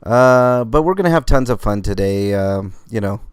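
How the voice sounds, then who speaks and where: A man hosts a live podcast in a loose, meandering way, leaning on fillers and fighting off hiccups. His voice sits a little low and sounds smooth and resonant. The recording is dry and close, with no room sound. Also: expressive, normal speed, dry recording. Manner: rambling, filler-heavy, laid-back. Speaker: podcast host. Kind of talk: casual live-stream podcast chat.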